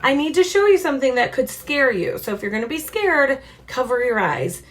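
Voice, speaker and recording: A young woman with a slightly high voice reads a picture book aloud to children from her home. She keeps it lively and chatty, often turning to the kids with questions. Her voice is picked up by the camera mic. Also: a little fast. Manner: animated and chatty, asking the audience questions. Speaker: children's storytime host.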